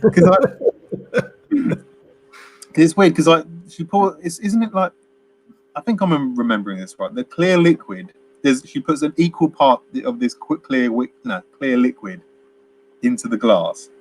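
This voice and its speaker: A man's voice: mid-range voice, sing-song, measured pace, pauses often, a little hiss or hum. Rambling, chuckling man chatting about a film. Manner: chatty and rambling, laughs often, acts out scenes. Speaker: film podcast co-host. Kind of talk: casual chat.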